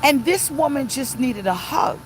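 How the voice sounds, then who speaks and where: A middle-aged woman pastor giving an impassioned, emphatic, repetitive live-streamed sermon from inside a car, pausing to read viewer comments. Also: sits high, animated, noisy background.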